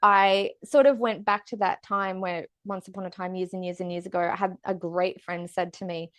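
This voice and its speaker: A woman speaks as a podcast guest, her stories pouring out quickly and emotively with plenty of restarts. Her voice sits in a middle range and is recorded dry and close. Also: medium pitch, no room sound. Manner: fast, animated, emotive storytelling with quick restarts. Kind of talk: casual conversational interview.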